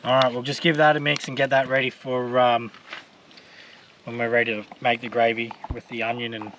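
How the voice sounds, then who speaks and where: An Australian vlogger chats casually while cooking on camera, loose and joking, with plenty of filler words. His mid-range voice is flat and a little fast, and the audio is dull with background noise.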